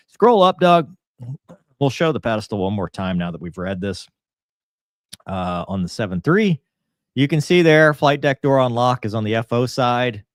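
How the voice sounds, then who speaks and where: A man's voice: fairly low pitch, big pitch swings, moderate pace, no room sound. A man co-hosting a casual aviation talk show, reading an incident report aloud and adding his own asides. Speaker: co-host, former fighter and airline pilot.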